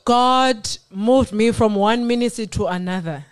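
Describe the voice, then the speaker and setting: A woman from South Africa telling her faith testimony on a radio talk show, earnest and animated. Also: a little high, unhurried, clear, resonant tone. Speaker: guest sharing testimony.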